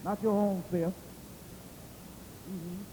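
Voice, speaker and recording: A man preaching in a call-and-response sermon, emphatic and climbing into high shouted peaks. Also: little pitch movement, drawn-out words, big-room sound, slight background noise, poor audio.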